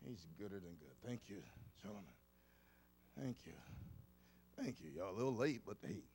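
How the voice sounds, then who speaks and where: A man's voice: fairly low pitch, sing-song, normal speed, creaky, darkish tone, a little hiss or hum. A man in his fifties preaching a sermon in a conversational way, coaxing the congregation along. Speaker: pastor.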